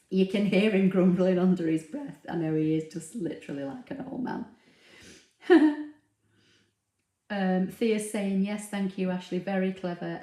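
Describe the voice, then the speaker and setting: Chatty woman, roomy room sound. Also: on the low side. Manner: chatty, relaxed, with frequent ums and laughs. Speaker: craft livestream host. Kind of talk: casual live chat, reading viewer comments aloud. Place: home room with a dog nearby. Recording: roomy, echoey home recording.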